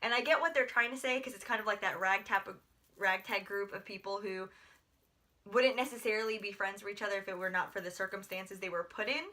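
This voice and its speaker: A woman's voice: mid-range voice, steady tone, fairly quick, bright, forceful tone. A young woman from the United States chatting through a book review, gushing and rambling with lots of filler words. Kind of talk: casual book review vlog.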